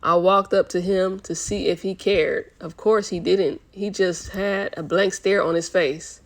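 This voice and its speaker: A woman's voice: mid-range voice, fairly even intonation, unhurried. A woman reading a novel aloud as host of her channel, with casual, chatty asides. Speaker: book reader, channel host.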